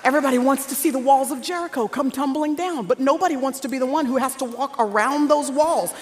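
A woman preacher delivering a sermon, swinging from hushed near-whispers to shouted peaks. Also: sits high, quick pace, a little hiss or hum. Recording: reverberant hall with faint crowd.

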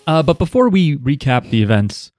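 A man's voice: on the high side, big pitch swings, moderate pace, darkish tone. A man co-hosting a podcast in casual chat, joking, rambling and swearing freely. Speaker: podcast co-host.

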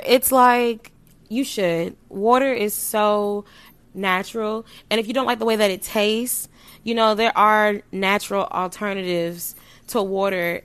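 A woman talking straight to her viewers as a vlogger, blunt and playful with plenty of slang and swearing. Her voice sits at an ordinary middle pitch. She swings from soft asides to loud, emphatic bursts. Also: smooth. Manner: animated, sudden jumps in loudness. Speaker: vlogger giving sex advice. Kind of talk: casual chat to camera.

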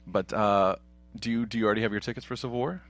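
A man's voice: fairly low pitch, steady tone, fast, soft background music. A man co-hosting a casual movie watch-along, talking in a rambling way full of fillers. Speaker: podcast co-host.

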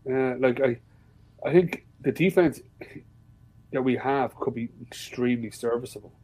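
A man with an Irish accent talking loosely on a podcast, full of swearing and lively asides. His voice sits at an ordinary middle pitch. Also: moderate pace, slightly rough, rough recording. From Ireland. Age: adult, with a father-in-law. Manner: swears freely, animated storytelling. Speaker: podcast guest. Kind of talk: casual chat.

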